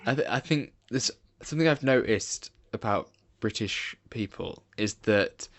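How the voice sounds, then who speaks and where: UK-born man, podcast host, lowish voice, measured and thoughtful, dry close sound. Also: no room sound. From United Kingdom. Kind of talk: casual chat.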